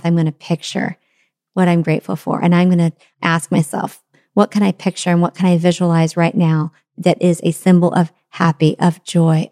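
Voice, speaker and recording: A woman's voice: lowish voice, warm tone, no echo, clean studio sound. A middle-aged woman giving an earnest self-help talk on letting go, with repeated phrases and rhetorical questions. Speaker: motivational speaker.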